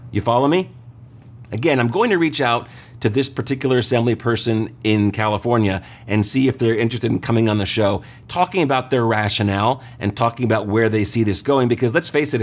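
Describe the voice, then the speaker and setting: Conversational man hosting a radio advice show. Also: medium pitch. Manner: conversational, explains step by step, checks in with listeners. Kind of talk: call-in radio advice talk.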